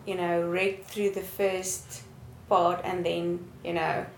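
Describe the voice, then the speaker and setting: A woman's voice: lowish voice, flat delivery, slow, gravelly, a little hiss or hum. A woman sharing in a church study group, leaning on fillers and repeating herself. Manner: leans on fillers, repeats "you know". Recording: echoey room.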